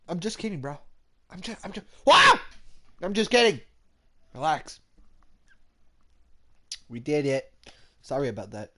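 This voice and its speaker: An excitable man running let's play commentary over a dating game. His voice is bright and sharp, and he laughs often, jumping into loud, shouted outbursts. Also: a little high, a little slow, pauses often. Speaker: gamer playing a dating game.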